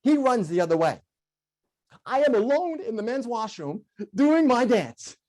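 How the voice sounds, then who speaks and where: A middle-aged man gives a humorous keynote to an online audience in a very high-pitched, unhurried voice. He tells stories animatedly, breaking into sung "oh yeah" bursts and laughter.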